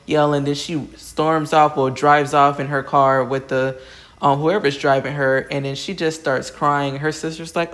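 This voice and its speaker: A woman's voice: low voice, moderate pace. A young woman hosting a casual reality TV recap, talking chattily to her viewers with plenty of fillers and gossipy asides.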